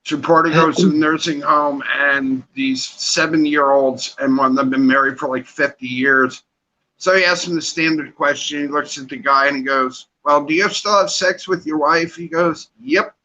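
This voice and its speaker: A man's voice: on the high side, steady tone, moderate pace, pushed and bright, dull audio. A man on a panel telling a joke in a plain, storytelling way. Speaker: panel guest.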